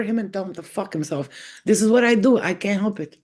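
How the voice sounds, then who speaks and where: A woman giving a casual tarot reading to her viewers, blunt and profane, telling animated stories. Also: medium pitch, a little fast. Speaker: tarot reader. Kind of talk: casual spiritual talk to viewers.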